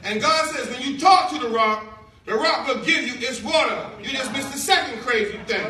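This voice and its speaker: A man preaching a sermon with animated, shouting delivery and call-and-response. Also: very high voice, normal speed, recorded from a distance. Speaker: pastor. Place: church. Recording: echoey hall from afar, congregation. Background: congregation responding.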